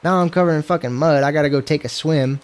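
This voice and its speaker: A man's voice: a little high, fast. A man streaming a western game, chatting casually in loose, profane, self-mocking talk. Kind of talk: casual gameplay commentary.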